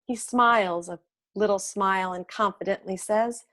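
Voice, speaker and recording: A middle-aged woman performing a memoir monologue, measured and emotive, with long pauses. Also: mid-range voice, steady tone, a bit bright. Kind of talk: theatrical monologue recited slowly.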